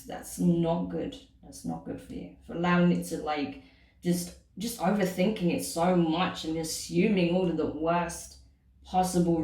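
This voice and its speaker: Lowish gravelly woman reading tarot. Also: darkish tone, far from the mic. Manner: chatty, frequent "okay?" and "right?" check-ins. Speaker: tarot reader. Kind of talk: casual tarot reading monologue. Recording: echoey room, voice off-mic.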